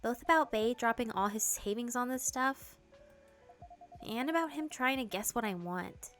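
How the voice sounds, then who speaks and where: A woman's voice: on the high side, normal speed, a bit bright, soft background music, lightly acted. A woman voicing an earnest, worried young woman planning her wedding, reading game dialogue. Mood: concerned. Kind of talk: game dialogue read-through.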